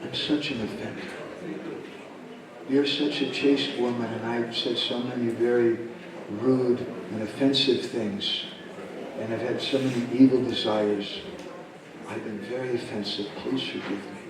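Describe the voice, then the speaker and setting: A man's voice: on the high side, fairly even intonation, measured pace, very echoey, distant mic, noisy background, close to an everyday voice. A man voicing a remorseful male businessman who begs forgiveness in a subdued, pleading voice, within a told story.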